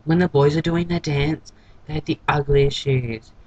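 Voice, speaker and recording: A man's voice: fairly high pitch, fairly even intonation, moderate pace, darkish tone, no room sound, dull audio. Catty man gossiping. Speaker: TV episode reviewer. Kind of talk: casual vlog recap.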